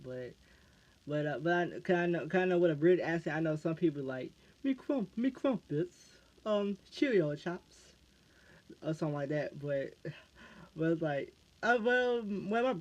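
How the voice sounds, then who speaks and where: An American man chats through viewer questions in a loose vlog style, pitched a little on the high side. He trips over his words, looping back on half-phrases before finishing them. The sound is muffled and lo-fi. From United States. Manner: halting, restarts phrases over and over. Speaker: YouTuber answering fan questions. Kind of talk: casual Q&A vlog. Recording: dull lo-fi recording.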